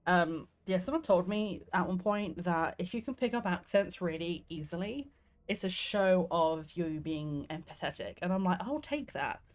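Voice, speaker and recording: A woman's voice: fairly low pitch, normal speed. A young woman from southeast England with a southeast English accent, rambling and laughing as she streams a game. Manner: chatty, rambling, laughs often, swears casually. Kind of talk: casual gameplay commentary.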